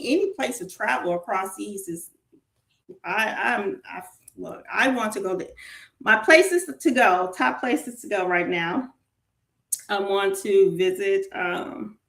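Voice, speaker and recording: A woman with a Southern US accent, chatting as an interview guest, animated and laughing, rambling with fillers. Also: mid-range voice, a little slow. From Southern United States. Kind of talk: casual chat. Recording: roomy echo.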